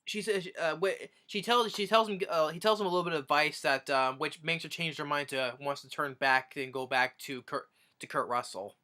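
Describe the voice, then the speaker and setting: Bright-voiced man rambling through a movie recap. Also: on the high side, fairly quick. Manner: rambling, with many restarts and fillers. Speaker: movie reviewer. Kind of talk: casual film review recap.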